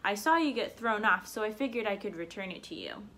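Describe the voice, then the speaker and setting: A woman's voice: mid-range voice, animated, a little fast, a bit bright. A woman voicing a shrewd man bargaining over his cow in a folktale. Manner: smooth, bargaining.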